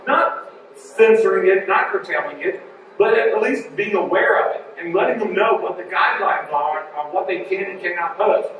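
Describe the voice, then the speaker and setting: A man giving a live conference talk, joking and animated, wandering off on side remarks. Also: high-pitched, moderate pace, lo-fi sound, slight background noise. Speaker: conference speaker. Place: large conference hall. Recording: echoey hall, mic from far off.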